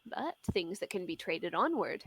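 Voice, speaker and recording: A shrewd wandering merchant, as a woman plays her with a hushed, half-whispered sales patter. A lively, swooping pitch rides on a gravelly fry. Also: normal speed, heavily acted, low-quality recording. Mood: scheming.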